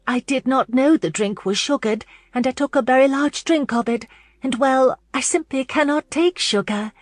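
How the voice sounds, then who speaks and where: A woman's voice: high-pitched, normal speed, no echo, studio quality, faint music behind, pitched above the performer's own voice. A woman voicing a nervous young noblewoman who hesitates and stammers in a storybook reading.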